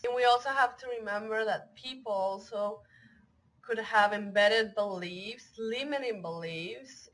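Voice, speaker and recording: A woman's voice: medium pitch, fairly bright tone, low-quality recording. Earnest woman teaching about emotional health. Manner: earnest, lists many example phrases in a row. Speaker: online wellness teacher. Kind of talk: talking-head educational talk.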